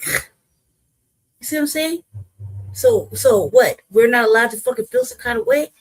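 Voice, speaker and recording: A woman's voice: sits high, big pitch swings, normal speed, vocal fry, low-quality recording. A woman hosting a reaction commentary, heated and emphatic, swearing freely as she rants. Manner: heated, profane, emphatic ranting. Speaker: host.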